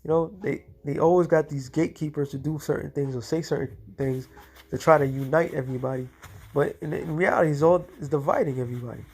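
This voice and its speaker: A man giving a combative religious commentary, speaking in casual slang and slowing into a measured cadence when he reads scripture aloud. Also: on the high side, darkish tone, breathy edge. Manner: casual slangy speech, repeats "all right" and "okay".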